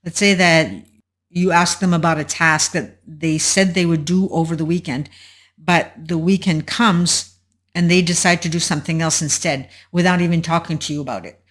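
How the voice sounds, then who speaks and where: A woman hosting a solo advice talk, explaining in a measured way and walking through an example step by step. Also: on the low side, steady tone. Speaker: host.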